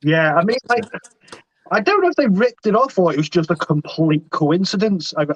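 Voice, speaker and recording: A man's voice: high voice, animated, normal speed, a bit bright. A man talking as a guest on a casual live chat, hesitant and thinking aloud with many restarts. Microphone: video call. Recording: dry, dull lo-fi call audio.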